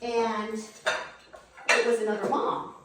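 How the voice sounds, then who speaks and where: A middle-aged woman, telling a blunt, animated story while setting a table. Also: on the high side, slow pace, distant mic, noisy background. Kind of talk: casual storytelling chat. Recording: echoey room, voice from off the mic.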